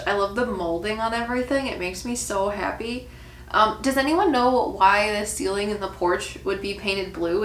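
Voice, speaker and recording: A woman's voice: mid-range voice, fairly bright tone. A woman medium talking casually over a reaction video, musing and hesitant, with many fillers. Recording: echoey room with faint noise.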